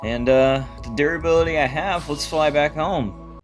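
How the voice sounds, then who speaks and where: Excitable young-sounding gaming YouTuber man. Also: a little high, moderate pace, faint music behind. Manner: excitable, laughs often, jokey slang. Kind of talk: playful gameplay commentary and narration.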